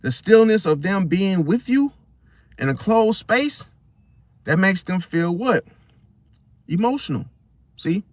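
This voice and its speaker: A man hosting a casual astrology monologue, talking in an animated way and often asking his listeners "See?". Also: high voice, takes it slowly, long pauses, no echo. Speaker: host.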